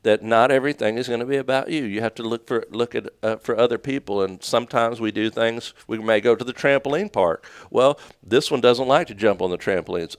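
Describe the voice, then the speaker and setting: A man's voice: medium pitch, fairly quick, few pauses, clear, resonant tone, dry recording, clean studio sound. A middle-aged man co-hosting a talk show, chatting casually about parenting and reading listener comments aloud with easy chuckles.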